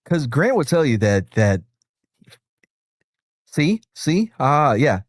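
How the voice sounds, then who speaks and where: A man's voice: a little high, sing-song, takes it slowly, no room sound, clean studio sound. A man hosting a casual late-night chat, loose and profane, joking with his co-hosts. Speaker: host.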